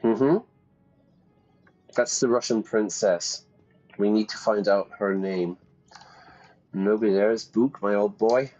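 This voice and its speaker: A man's voice: on the low side, takes it slowly, long pauses, darkish tone, highs cut off, soft background music. Chatty man commenting on a game. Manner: chatty, playful, thinks aloud. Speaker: teacher playing a game for learners.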